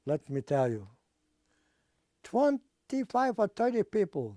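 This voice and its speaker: An older man giving oral history testimony in non-native English, halting and pausing to search for words. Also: sits high, wildly swooping pitch, no echo, studio quality. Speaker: Holocaust survivor giving testimony.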